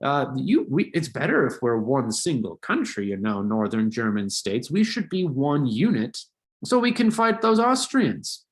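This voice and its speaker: A man's voice: mid-range voice, sing-song, a little slow. A man voicing a scheming male statesman in a jokey, overly eager way, for a classroom history lesson. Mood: gleeful.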